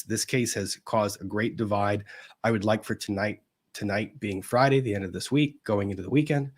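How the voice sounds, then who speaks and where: A man hosting a casual live stream, reading viewers' greetings aloud in a chatty way, his pitch swinging up and down as he goes. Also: breathy edge. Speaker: livestream host of a legal commentary show.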